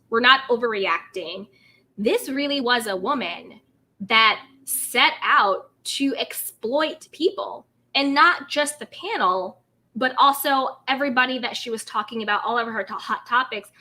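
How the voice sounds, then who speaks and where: Bright, high-voiced gossiping woman host. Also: a little slow. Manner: gossipy, animated, greets chat viewers by name. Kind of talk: livestream chat.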